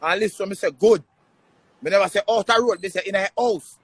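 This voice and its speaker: A Jamaican man with a very high voice argues fast and insists on being heard, repeating himself. He speaks into a phone, and the sound is close and dry. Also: breathy edge, no room sound. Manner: insistent, repeats himself to make his point. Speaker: Instagram live streamer. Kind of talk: heated argument on a live stream.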